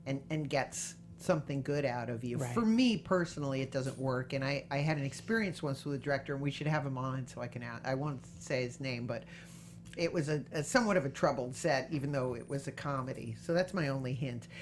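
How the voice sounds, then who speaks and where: Woman, host, low pitch, casual interview chat, animated. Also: brisk. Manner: chatty, animated storytelling with impressions. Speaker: podcast host.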